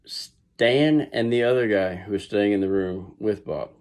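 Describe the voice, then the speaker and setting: A man's voice: on the low side, unhurried, darkish tone, clean tone. A middle-aged man with a Southern US accent tells a story casually, rambling with restarts and asides. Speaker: vlogger.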